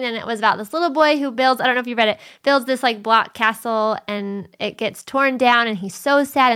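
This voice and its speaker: A woman host with a high, smooth, clear voice, recorded close and dry with no room sound. She talks in an animated, friendly way and laughs easily. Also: dry recording. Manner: warm, animated, laughs often. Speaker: podcast host. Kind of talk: conversational interview.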